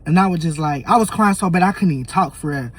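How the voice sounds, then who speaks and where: A young man tells a storytime vlog. He is animated and emotional, and he acts out his own lines and his family's. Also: a little high, fast, husky. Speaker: vlogger.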